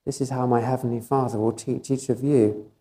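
A man's voice: mid-range voice, fairly even intonation, a little fast, mellow. A man preaching a sermon, telling a story vividly and emphatically, often repeating phrases for effect.

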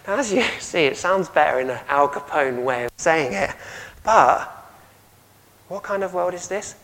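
A man's voice: fairly high pitch, moderate pace, poor audio. A man with an English accent preaching a sermon, telling stories and asking the congregation questions. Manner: lively storytelling, audience questions.

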